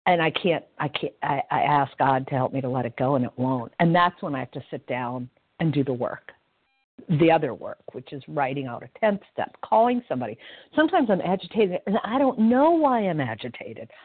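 A woman sharing reflectively at a recovery phone meeting, halting and self-mocking at times. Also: sits low, sing-song, breathy edge, no echo. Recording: dry tinny phone line.

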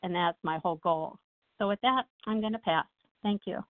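Woman, meeting member, chatty self-deprecating share, flat phone-line audio. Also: mid-range voice, moderate pace, dry recording. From Nashville, USA. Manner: rambling, self-mocking, animated when quoting herself. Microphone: phone call.

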